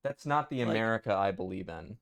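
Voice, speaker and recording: A man's voice: lowish voice, animated, fairly quick, creaky, crowd noise. A man co-hosting a casual podcast chat, rambling with many fillers.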